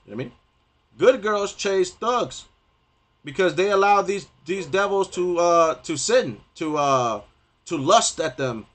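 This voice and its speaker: A man's voice: fairly high pitch, expressive, normal speed, a bit bright. A young man ranting on a gaming stream, profane and rambling, stumbling over restarts and repeating himself.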